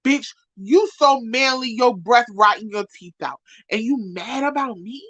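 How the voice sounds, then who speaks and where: A woman speaking, ranting profanely and trading insults on a live stream, loud one moment and muttering the next. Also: fairly high pitch, unhurried, hardly any pauses, no room sound, poor audio. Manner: profane, insulting, repetitive, swings from shouting to muttering. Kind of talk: angry rant to a live stream.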